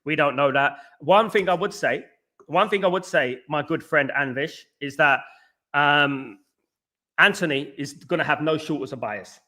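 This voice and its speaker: A young man from England chats casually to his livestream viewers. His voice sits a little high and sounds bright and forceful. He rambles, repeats phrases and keeps dropping in shout-outs. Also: moderate pace. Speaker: host of a fan livestream. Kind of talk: casual livestream chat, reading viewer comments.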